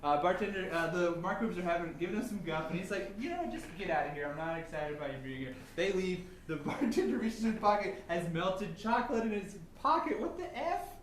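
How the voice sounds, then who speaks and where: Improv man, high voice, halting fillers, roomy hall with crowd noise. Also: animated. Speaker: improv performer. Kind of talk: live improv joke telling. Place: theater stage with audience.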